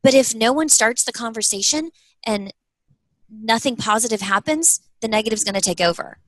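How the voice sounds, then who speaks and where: A woman in her thirties, a business owner being interviewed, telling earnest, animated stories full of quoted dialogue. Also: a little high, normal speed, dry recording, rough recording. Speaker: guest, apparel business owner. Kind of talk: interview conversation.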